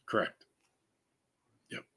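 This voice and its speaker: A man hosting an interview, speaking in an earnest, deliberate way. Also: pushed and bright. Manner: earnest, deliberate, faith-based talk. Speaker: podcast host. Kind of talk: conversational interview.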